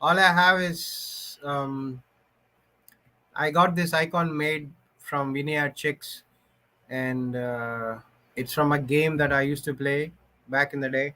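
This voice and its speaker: Man, Indian accent, channel host, bright and fairly high voice, easygoing and agreeable. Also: steady tone, takes it slowly. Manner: easygoing, laughs often, agreeable. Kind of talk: casual video chat.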